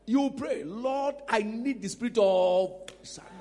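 A man preaching a sermon as pastor, animated, breaking into shouts and laughter. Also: high-pitched, measured pace. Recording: reverberant hall with faint music.

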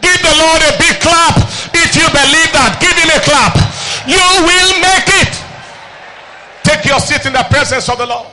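A male preacher with a very high, piercing, bright voice. He delivers a sermon in bursts, shouting some lines and dropping to low, hushed asides, and keeps calling out to the congregation. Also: moderate pace, long reverb tail, a little hiss or hum. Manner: swings between shouted declarations and low quiet asides, calls to the congregation.

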